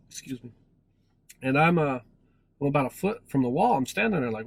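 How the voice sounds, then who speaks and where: A man's voice: medium pitch, lively intonation, normal speed, vocal fry, breathy edge, poor audio. A man in his forties telling a personal story in a casual, rambling way, with many restarts and self-corrections. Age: 40s. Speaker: vlogger.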